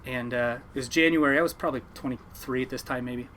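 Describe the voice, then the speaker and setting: A man, a fishing boat captain, telling stories from his life at sea to a podcast host in a lively, laughing way. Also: medium pitch, quick pace, a little hiss or hum. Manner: animated yarn-spinner, laughing at his own story. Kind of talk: casual storytelling.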